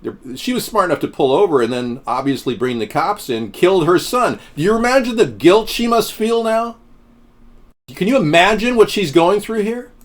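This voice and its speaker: A man hosting a political talk show, reacting to a video and reading viewer comments with indignant, sarcastic commentary. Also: a little high. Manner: indignant, sarcastic, talks back to chat. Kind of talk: live commentary on video and chat.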